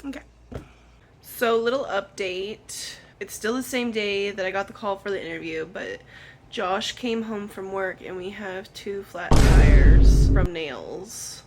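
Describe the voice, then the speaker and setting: A woman's voice: mid-range voice, measured pace, heavy background noise. A young woman vlogging casually to camera at home, chatty and self-deprecating, nervous before a job interview. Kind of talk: casual vlog chat to camera.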